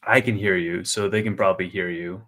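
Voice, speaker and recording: A young man co-hosting a casual stock-market livestream, telling an animated story with quick asides and laughs. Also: deep voice. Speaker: co-host of a stock market stream.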